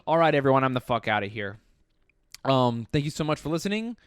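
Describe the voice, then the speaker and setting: A man's voice: medium pitch, very animated, brisk, smooth, no echo, clean studio sound. A young man co-hosting a comedy podcast, laughing often and swearing freely as he riffs. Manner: laughs often, profane, goofy riffing. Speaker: podcast co-host. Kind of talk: casual comedic chat.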